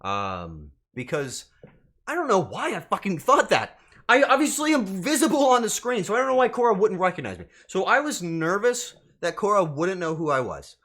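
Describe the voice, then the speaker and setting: A man's voice: high-pitched, wildly swooping pitch, moderate pace, fairly bright tone. A man streaming as a VTuber, telling a rambling story straight to his chat and swearing freely. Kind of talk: casual storytelling to live chat.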